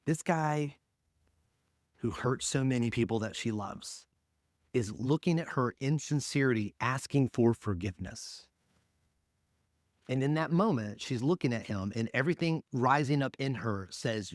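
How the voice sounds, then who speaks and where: A male pastor delivers a sermon in a casual, conversational manner, his voice sitting at an ordinary middle pitch. He swings from loud, emphatic peaks to hushed near-whispers. The sound is dry and close, with little room echo. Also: expressive, a little slow.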